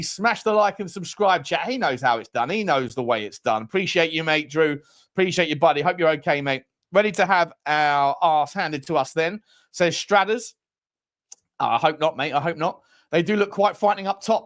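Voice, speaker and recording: A man's voice: on the high side, a little fast. A man hosting a live football watchalong, chatting casually with viewers and reading their comments aloud in an upbeat, matey way. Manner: upbeat, matey banter with the chat. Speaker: host of a football fan channel.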